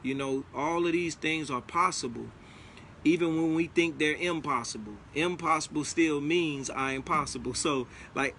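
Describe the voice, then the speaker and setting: A man's voice: fairly high pitch, normal speed, pushed and bright, slight background noise. A man giving a casual motivational talk, preachy and emphatic, repeating his key lines. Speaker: motivational speaker.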